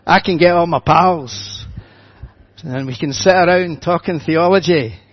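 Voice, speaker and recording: An older man, a minister giving a gentle, chatty children's talk in church with light humour. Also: fairly high pitch, unhurried, slightly rough, highs cut off.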